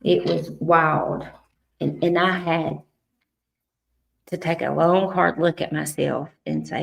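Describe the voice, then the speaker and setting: A woman's voice: on the low side, vocal fry, husky. A middle-aged woman chatting frankly with viewers on a livestream, often restarting her sentences. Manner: frank, cusses freely, halting restarts. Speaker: livestream host. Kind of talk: casual livestream chat with viewers.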